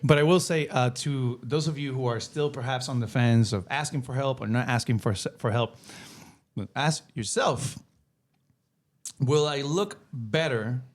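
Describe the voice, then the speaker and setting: A man co-hosting a podcast, speaking in a measured, advice-giving way in casual chat. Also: medium pitch. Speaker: podcast co-host.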